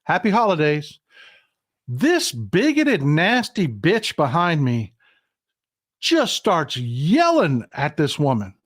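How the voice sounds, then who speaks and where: A man's voice: a little high, wildly swooping pitch, takes it slowly, no echo, clean studio sound. Middle-aged man, livestream host, folksy and hot-tempered, slightly raised voice. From Texas. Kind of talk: casual political livestream talk.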